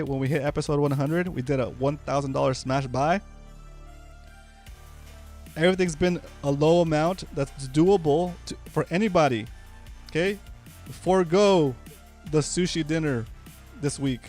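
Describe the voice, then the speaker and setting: A man in his thirties hosting a casual livestream, animated and forever asking "right?". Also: on the high side. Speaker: host.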